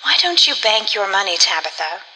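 A woman's voice: mid-range voice, big pitch swings, normal speed, bright, forceful tone, heavily acted. A woman voicing a fragile, timid woman who speaks fearfully and pleads. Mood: worried. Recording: long reverb.

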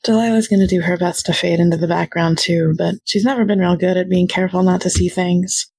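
Low husky woman player, gravelly. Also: fairly quick, no echo. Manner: calm, narrating her character in third person. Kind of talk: describing her character's actions.

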